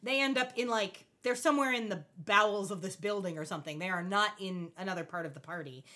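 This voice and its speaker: A woman co-hosting a podcast, recapping a show in an animated, expressive way with frequent laughs. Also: medium pitch, quick pace. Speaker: podcast co-host. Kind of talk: casual chat recapping a TV show.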